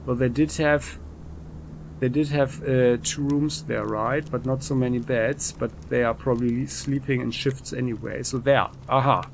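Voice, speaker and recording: A man's voice: medium pitch, steady tone, moderate pace, gravelly, a little hiss or hum. Man, let's play host, game commentary, thinking aloud, fillers.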